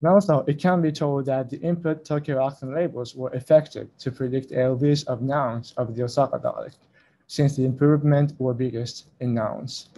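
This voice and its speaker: A man's voice: mid-range voice, fairly even intonation, normal speed, dark tone, rough recording. A man giving an academic conference talk, speaking carefully and spelling out acronyms letter by letter. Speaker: conference presenter.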